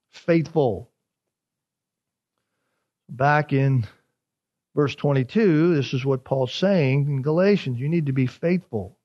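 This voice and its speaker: A man preaching an expository sermon as pastor, repeating key words for emphasis. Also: a little high. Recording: dull lo-fi sermon recording.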